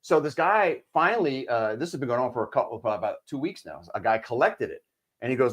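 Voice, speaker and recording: A man co-hosting a casual talk show, ranting in an animated, profane way with sudden loud outbursts. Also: mid-range voice, fast. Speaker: podcast co-host. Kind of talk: casual conspiracy chat.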